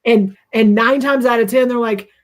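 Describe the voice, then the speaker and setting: A woman co-hosts a casual live stream, pressing her advice home by repeating key lines. Her voice sits a little high. She talks frankly and emphatically. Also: steady tone, normal speed. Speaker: co-host of a live show.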